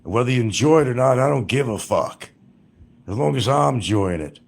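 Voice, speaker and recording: A man's voice: mid-range voice, lively intonation, a little fast, vocal fry. A middle-aged man livestreaming, telling rambling, crude and profane stories about his past.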